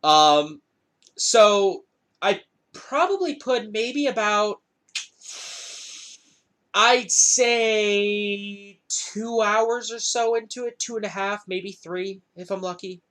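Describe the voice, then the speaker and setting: The voice belongs to a young man hosting a podcast, high and slow. He casually recounts a story with lots of swearing and energy.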